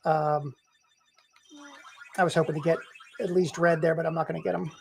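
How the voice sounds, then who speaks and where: A man's voice: on the high side, level tone, moderate pace, gravelly, a little hiss or hum. A middle-aged man chatting casually and rambling while he plays a game on a live stream, laughing often and hiccuping.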